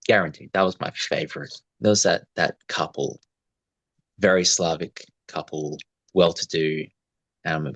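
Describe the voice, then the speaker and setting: A man's voice: low voice, steady tone, unhurried, no echo, poor audio. A man co-hosting a podcast, telling rambling, reflective travel stories in casual chat with some swearing. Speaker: podcast co-host.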